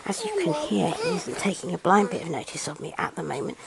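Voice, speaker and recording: A woman's voice: on the low side, sing-song, a little fast, creaky, a loud crowd. A woman chatting casually to her listeners while feeding her baby, breaking off to scold him and talking in a sing-song baby voice. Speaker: parent podcaster.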